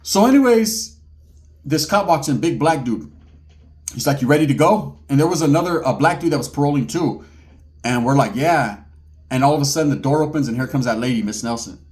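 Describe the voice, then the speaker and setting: A man's voice: mid-range voice, lively intonation, brisk, a little mellow. A middle-aged man from California, a former inmate, telling a story in casual street slang with punchy sound effects.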